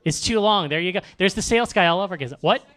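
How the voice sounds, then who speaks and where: At a club comedy roast, the male host trades stand-up banter with the audience, reading lines aloud in a sarcastic, mocking way. He speaks fast, with a high-sitting, somewhat bright voice.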